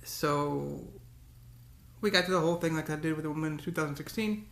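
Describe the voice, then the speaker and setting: A man's voice: fairly high pitch, fairly quick, creaky, a bit bright, roomy sound. A man talking to the camera in a casual, rambling monologue, often repeating words and breaking into cursing rants. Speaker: vlogger.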